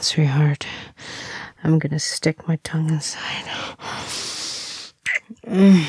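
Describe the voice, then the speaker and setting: A possessive, domineering captor, played by a young woman, speaks in a whispered role-play, husky and gravelly. She drawls very slowly with soft laughs and hums, her voice sitting low and close in a dry, dead room. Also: dry recording, exaggerated voice.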